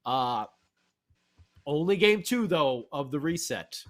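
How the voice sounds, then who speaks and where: Male podcast host, fast excitable fan energy, slightly high voice. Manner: animated, fast, fan-like enthusiasm. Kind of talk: excited sports talk recap.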